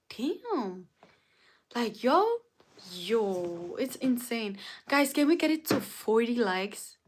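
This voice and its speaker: A young woman live-streaming, chatting casually with her viewers and greeting them by name in a drawn-out way. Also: medium pitch. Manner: drawn-out, greets and reads out chat names.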